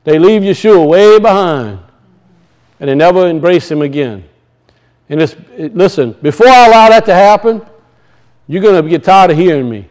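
A middle-aged man with a notably high voice preaching a lively sermon. He swings his pitch up and down, circles back on phrases for emphasis, and slips into acted-out voices. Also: normal speed, low-quality recording. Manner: animated preaching, rises and drops in pitch, acts out quoted voices; repeats and restarts phrases for emphasis.

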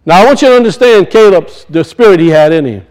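A man's voice: high-pitched, lively intonation, fast talker, a little mellow, poor audio. A man preaching a sermon, emphatic and repetitive, his voice rising and falling as he drives points home.

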